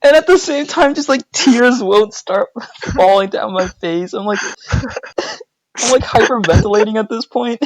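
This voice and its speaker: A man's voice: sits high, measured pace, no room sound, rough recording. Laughing young man telling a story. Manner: laughs often while telling stories. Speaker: podcast co-host. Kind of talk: casual storytelling chat.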